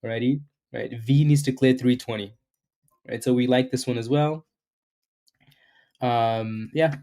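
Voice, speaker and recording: A man's voice: medium pitch, fairly even intonation, a little slow, warm tone. Chatty man hosting a trading livestream. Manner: loose, chatty, says "right?" a lot, greets chat viewers. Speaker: day-trading livestream host. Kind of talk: casual live market commentary.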